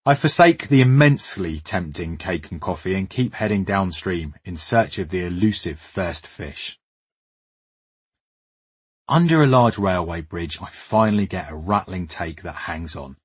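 A man narrates a scripted documentary in a wry, understated tone with dry humour. His voice sits a little low and husky. It is recorded close, with no room sound. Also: expressive, a little slow, no room sound. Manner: wry, understated, dryly humorous. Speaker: travel documentary presenter.

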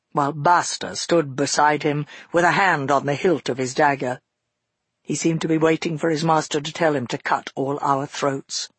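A man voicing a father who tells his daughter a frightening past event in a measured, earnest first-person telling. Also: a little high, slightly rough, no echo. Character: grown father recounting a frightening past, shaken. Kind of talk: audiobook narration.

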